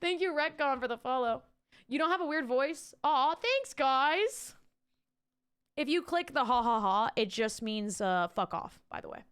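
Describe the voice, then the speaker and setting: Female streamer, casual and profane, smooth clear voice, talking to chat from home. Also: high-pitched, animated, moderate pace, a bit bright. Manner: chatty, rambling and casually profane. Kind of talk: casual live-stream chat reading out viewer messages.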